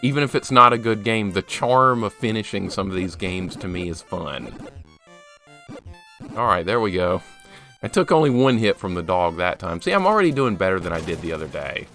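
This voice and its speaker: A man's voice: low-pitched, very animated, moderate pace, a bit bright, soft background music. A man streaming a video game live, chatting casually, greeting viewers by name and poking fun at himself. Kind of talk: casual live gameplay commentary.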